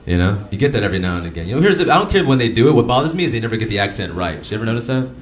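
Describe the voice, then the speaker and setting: A man doing a stand-up comedy set, telling animated stories and putting on impressions of his mother. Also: on the low side, very fast. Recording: live comedy club, roomy with crowd.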